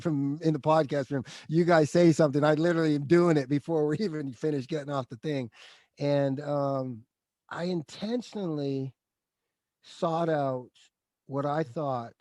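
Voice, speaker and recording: A middle-aged man speaks as an interview guest, open and emotional, and he keeps saying dude. His voice is mellow and dark, and the recording is dry and close. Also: mid-range voice, no room sound. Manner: emotional, confessional, says dude often. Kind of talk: candid interview storytelling.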